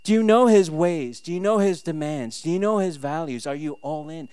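A man from Minnesota, a pastor in his thirties, giving a sermon with animated storytelling and rhetorical questions. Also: a little high, normal speed, smooth, no room sound.

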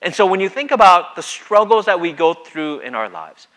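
A man's voice: sits high, moderate pace. A man preaching a sermon in a conversational way, reading scripture and acting out the quotes. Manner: conversational, acts out scripture with lively voices. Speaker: pastor.

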